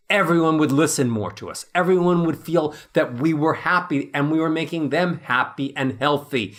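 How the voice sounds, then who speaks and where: A middle-aged man talks as a voice coach in an interview. His voice sits a bit high and moves through very lively, wide melodies. He slips into quick demonstration voices to make his points. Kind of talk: animated interview talk.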